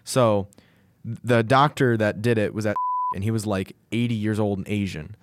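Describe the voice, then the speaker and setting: A man's voice: fairly low pitch, fairly even intonation, moderate pace, background noise. A young man co-hosting a podcast, telling a long personal story in casual chat with restarts. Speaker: podcast co-host.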